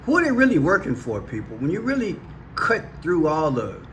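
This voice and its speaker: A man's voice: on the high side, wildly swooping pitch, brisk, a bit bright, slight background noise. Emphatic preachy man with a raised voice. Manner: preachy, emphatic, rhetorical questions. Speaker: commentary vlogger. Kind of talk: monologue commentary.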